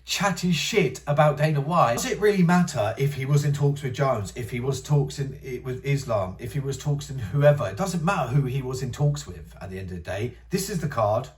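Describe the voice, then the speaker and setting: A man's voice: medium pitch, far from the mic. A young man hosting a casual commentary channel, ranting in an exasperated, rambling way and mocking others in whiny voices. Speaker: MMA commentary channel host.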